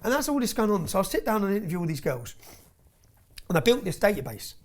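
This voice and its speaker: A man's voice: high-pitched, sing-song, fast talker. A man telling his story as an interview guest, intense and emphatic, often tagging his points with "yeah?". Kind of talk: heated personal storytelling.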